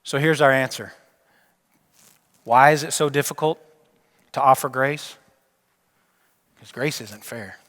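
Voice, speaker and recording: A male pastor preaching a sermon and telling a story, his delivery dropping from emphatic to hushed. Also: medium pitch, measured pace, long pauses. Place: church sanctuary. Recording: long church reverb.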